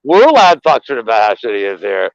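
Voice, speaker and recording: A man co-hosting a betting show, rambling in casual, profane sports chat with animated rants. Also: mid-range voice, very fast, vocal fry, no room sound. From Philadelphia area. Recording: dull, lo-fi, dry sound.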